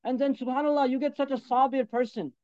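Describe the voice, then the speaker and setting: Man, preacher, sermon, emphatic and repetitive, fast-talking, dry close sound, dull muffled recording. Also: very high-pitched, fairly even intonation, darkish tone, dry recording.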